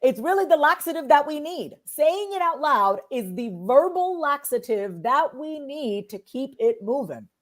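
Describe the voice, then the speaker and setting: A woman's voice: high voice, big pitch swings, unhurried, few pauses. A woman from the United States talking as a podcast guest, coaching listeners in an emphatic, repetitive way. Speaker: guest, self-expression coach. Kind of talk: conversational podcast talk.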